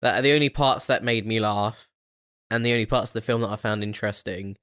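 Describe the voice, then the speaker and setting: A man's voice: fairly low pitch, fast, fairly bright tone, clear, resonant tone, no echo, studio quality. A man co-hosting a casual film podcast, blunt and sweary, retelling scenes dismissively. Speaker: podcast co-host. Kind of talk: casual film review chat.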